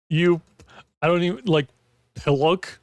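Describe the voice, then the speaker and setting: A man's voice: medium pitch, measured pace, dry recording, studio quality. A man chatting casually on a gaming stream, rambling with lots of "like" fillers and losing his voice. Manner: rambling, heavy use of "like". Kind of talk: casual chat while gaming.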